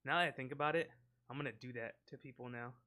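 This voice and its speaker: A man's voice: medium pitch, steady tone, quick pace, pushed and bright, no room sound, studio quality. A man co-hosting a podcast, rambling in casual, profane banter and acting out sound effects. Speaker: podcast co-host. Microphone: close podcast mic.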